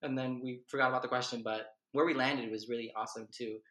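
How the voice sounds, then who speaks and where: A man's voice: medium pitch, fairly even intonation, fast, fairly bright tone. A man hosting a podcast, chatting casually in a rambling way and laughing easily. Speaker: podcast host. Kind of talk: casual chat. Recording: echoey room.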